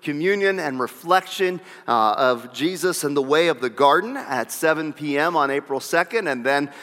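A man preaches with a high, bright, forceful tone, circling back to key phrases and asking the congregation questions. His voice rings out with a long reverb, as in a big church sanctuary. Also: expressive, moderate pace. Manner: emphatic preaching with repeated phrases and rhetorical questions. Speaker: pastor. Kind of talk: sermon. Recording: long reverb of a large hall.

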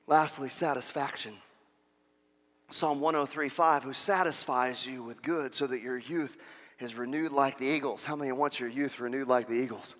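A male pastor preaching a sermon, swinging between loud, urgent passages and quiet, intimate asides. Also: medium pitch, normal speed, big-room sound.

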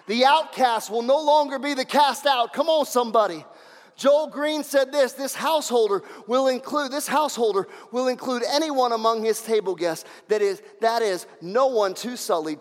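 A male pastor preaching a sermon, emphatic, repeating lines for effect and swinging from hushed to shouting. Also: very high-pitched, long reverb tail.

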